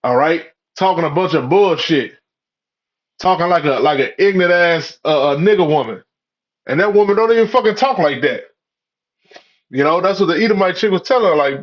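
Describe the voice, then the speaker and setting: A man's voice: on the high side, expressive, fairly quick. A man in a rambling, profane, preachy monologue, full of "you know" and "man" fillers. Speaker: religious commentator. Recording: dull lo-fi audio.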